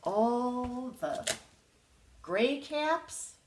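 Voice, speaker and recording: A woman teacher reading a storybook aloud to young children, slow and playful with lots of expression. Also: fairly high pitch, sing-song, background noise. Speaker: preschool teacher.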